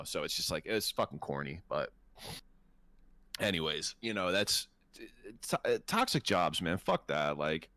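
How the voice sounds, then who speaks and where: A man with a low voice that swings widely as he rants, swearing and laughing through casual podcast talk. The sound is dry and close, with no room around it. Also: fairly bright tone, dry recording. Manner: heated, swears freely, laughs often. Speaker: podcast co-host. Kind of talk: casual profane chat.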